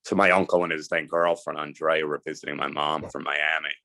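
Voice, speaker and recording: A man's voice: very deep voice, flat delivery, a little fast, vocal fry, sharp tone, dry recording. A middle-aged man from New Jersey, a guest telling his life story in earnest, emphatic, casual talk. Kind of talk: candid storytelling interview.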